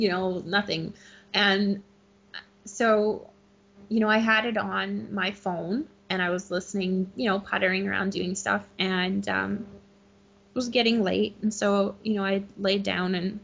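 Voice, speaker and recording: A middle-aged woman telling an excited story in a casual interview, laughing often. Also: mid-range voice, creaky. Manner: animated, laughing, gushing. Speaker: guest. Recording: muffled lo-fi recording.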